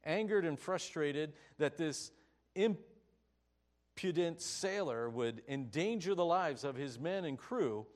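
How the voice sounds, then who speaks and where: A male pastor delivering a sermon in a slow, deliberate cadence. His pitch sits a little high and swings widely as he builds emphasis. The storytelling is animated and full of rises and drops.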